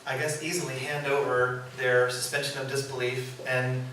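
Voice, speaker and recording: A man's voice: mid-range voice, moderate pace. Puppeteer guy telling stories, laughs a lot, super echoey room, mic way off. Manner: animated, laughs often, acts out quotes. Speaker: puppeteer giving a presentation. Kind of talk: informal storytelling talk. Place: presentation room. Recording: echoey room, mic far, background noise.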